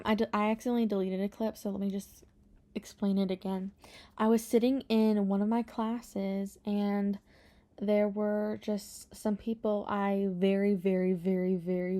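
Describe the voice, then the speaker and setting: A woman in her twenties hosting a podcast, telling stories from her own life in a chatty, self-mocking way with a sarcastic edge. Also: medium pitch. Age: 20s. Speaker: podcast host. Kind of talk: casual chat.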